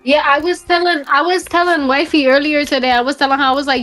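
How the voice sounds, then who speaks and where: High-voiced rambling woman storyteller. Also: fairly even intonation, fast, a bit bright, faint music behind. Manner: rambling, filler-heavy. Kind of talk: casual storytelling.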